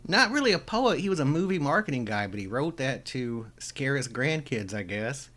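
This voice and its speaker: A man's voice: medium pitch, very animated, normal speed, a bit bright. A man from the Missouri Ozarks, co-hosting a podcast in casual chat, with wry, joking asides. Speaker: podcast co-host.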